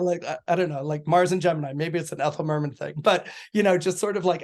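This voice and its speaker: A man's voice: on the high side, fast talker. A middle-aged man talking casually about astrology, telling stories with playful quoted voices and laughter. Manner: animated storyteller, acts out quoted voices with laughs. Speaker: astrologer podcast guest. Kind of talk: casual explanatory talk.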